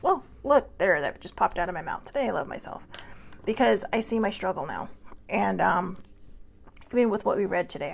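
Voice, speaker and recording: A woman's voice: medium pitch, gravelly. A middle-aged woman hosting her own show, giving an earnest, rambling, self-deprecating motivational talk. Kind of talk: casual motivational monologue.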